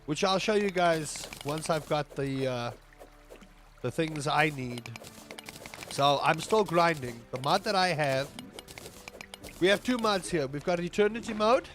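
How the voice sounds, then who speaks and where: A man's voice: on the high side, a bit bright. A young man with a South African accent, chatting casually to his viewers while playing a game on a livestream, rambling and joking as he goes. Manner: rambling, jokey, talks to chat while playing. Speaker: streamer. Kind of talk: casual gameplay livestream chat.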